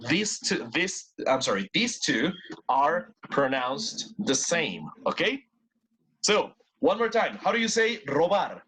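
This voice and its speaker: A man's voice: fairly high pitch, big pitch swings, takes it slowly, fairly bright tone, husky. Encouraging bilingual English teacher, man. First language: Spanish. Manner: switches between English and Spanish, encouraging, repeats words for drills. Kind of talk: online class teaching.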